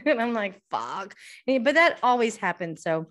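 A middle-aged woman, a podcast co-host in casual chat, telling an animated story, swearing freely and restarting often. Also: fairly high pitch, normal speed.

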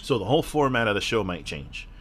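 A man's voice: fairly low pitch, very animated, fast talker, a bit bright, slightly rough. Frustrated man ranting on a podcast. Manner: frustrated, profane, rambling with restarts. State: sore throat. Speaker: podcast host.

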